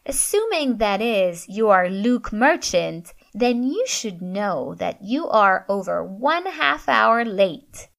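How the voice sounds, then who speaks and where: A woman's voice: mid-range voice, very animated, slow, vocal fry, hardly any pauses, fairly bright tone, heavily acted. A woman voicing a curt, formal female professor who talks in clipped, icy sentences. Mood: stern. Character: stern, curt female professor, middle-aged.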